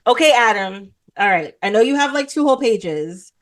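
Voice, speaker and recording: A woman's voice: on the high side, animated, moderate pace, a bit bright. A woman hosting a casual film podcast, chatty and apologetic, steering the conversation between guests. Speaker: podcast host. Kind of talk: casual film discussion chat.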